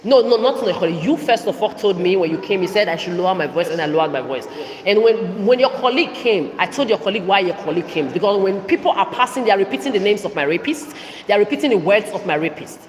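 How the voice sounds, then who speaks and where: A young woman records a heated video update on her phone, talking in a confrontational, repetitive way that rises into outbursts. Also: mid-range voice. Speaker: vlogger. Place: indoor public hall with shops on each side. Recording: echoey big indoor hall.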